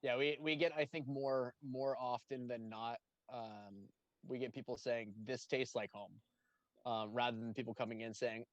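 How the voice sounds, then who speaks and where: A man's voice: mid-range voice, fairly even intonation, normal speed, dry recording. A man chatting casually about his brewery, enthusiastic and rambling with many fillers. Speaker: brewery staff guest. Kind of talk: casual chat. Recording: dull lo-fi dry sound.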